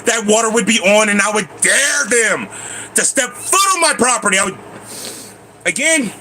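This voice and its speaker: Ranting man, high lively voice. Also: moderate pace, background noise. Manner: frustrated, swearing, ranting then trying to calm down. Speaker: livestream vlogger. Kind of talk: angry venting to viewers. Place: parked bus.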